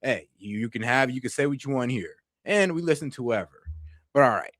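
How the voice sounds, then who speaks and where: A man's voice: mid-range voice, lively intonation, fairly quick, a bit bright, dry recording, studio quality. A man hosting a reaction stream, talking casually in slang with laughing asides and repeated phrases.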